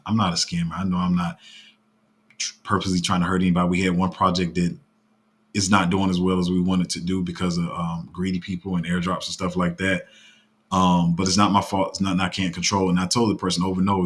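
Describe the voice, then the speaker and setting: A man hosting a casual live stream about his paid crypto group, talking in a fairly flat, even tone and rambling with restarts. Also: deep voice. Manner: rambling, with many fillers and restarts.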